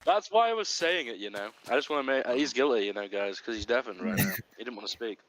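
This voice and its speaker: A man's voice: medium pitch, expressive, fast, over a noisy crowd. A man chatting over voice chat while gaming, hamming up a joking detective act. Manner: playful, mock-detective bit. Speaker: Minecraft server player.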